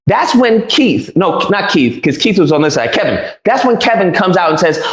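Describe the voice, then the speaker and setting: A man's voice: sits high, animated, fairly quick, hardly any pauses, reverberant, low-quality recording. A man telling the story of a heated confrontation, acting out what each person said and laughing as he goes. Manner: re-enacts exchanges in quoted voices, laughs while telling. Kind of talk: animated storytelling.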